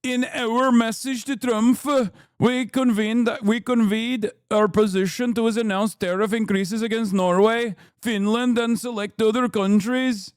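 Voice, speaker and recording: A man reading out an official statement in a put-on Norwegian accent, stiff, formal and measured. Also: sits high, fairly even intonation, clean tone, no room sound, studio quality. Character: mock Norwegian prime minister reading a statement.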